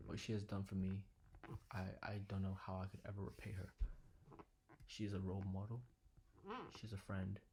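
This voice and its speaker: Young male vlogger, quiet and sincere, low gravelly delivery, flat and even in tone. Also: slight background noise. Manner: quiet, low-key and earnest, sometimes dropping to a whisper. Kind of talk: reflective personal vlog. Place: living room at home.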